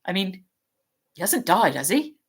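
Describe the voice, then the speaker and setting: A woman's voice: on the low side, big pitch swings, measured pace, slightly rough, voice pushed up, full character voice. A woman voicing a hot-tempered teenage schoolboy wizard in a storybook reading, talking bluntly and grumbling. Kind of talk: storybook read-aloud.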